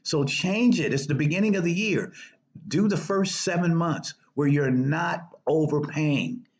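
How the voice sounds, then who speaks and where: A man hosting a personal finance show, giving casual direct advice to viewers, emphatic and repeating his key points. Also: measured pace. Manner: emphatic, repeats key points, lively swings between high stresses and low asides. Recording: dull lo-fi recording.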